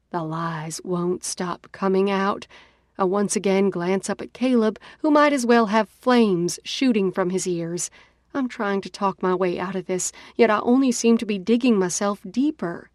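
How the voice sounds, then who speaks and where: A woman's voice: mid-range voice, a little slow, no room sound. Woman reading a romance audiobook in first person, dramatic, dry studio sound. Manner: expressive, dramatic. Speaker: audiobook narrator.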